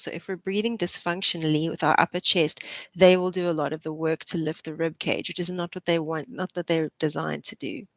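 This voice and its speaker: A woman's voice: on the low side, dry recording. Chatty woman leading an exercise class. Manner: encouraging, chatty, laughs often. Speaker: physiotherapist leading a posture class. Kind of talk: live exercise class instruction.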